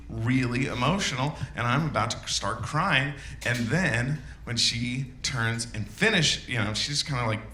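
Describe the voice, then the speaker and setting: A comedian telling a personal story on stage, halting with fillers and bursting into shouted quotes. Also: male voice, mid-range voice, roomy sound, a little hiss or hum.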